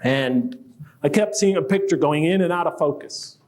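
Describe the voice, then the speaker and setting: High-voiced man giving a chatty lecture. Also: moderate pace. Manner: conversational, jokes with the audience, rising to animated emphasis. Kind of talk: public lecture.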